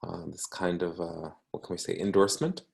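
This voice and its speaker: A man from Canada with a Canadian English accent, reading a book aloud slowly for English learners, with ums and self-corrections. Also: sits low, level tone, creaky, a little mellow. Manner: slow, unhurried, with frequent ums and self-corrections. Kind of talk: casual read-aloud lesson for English learners.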